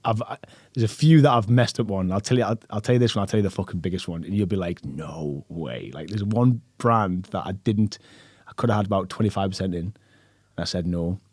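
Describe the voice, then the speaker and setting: A man, telling stories as a podcast guest in a casual, animated way and acting out other people's lines. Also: on the low side, fast, no echo, clean studio sound. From England.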